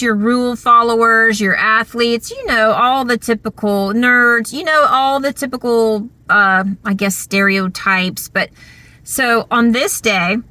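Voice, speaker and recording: Chatty woman vlogger telling a story, slow drawl, kinda high voice. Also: no echo. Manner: animated, chatty, uses lots of fillers. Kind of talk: casual storytelling.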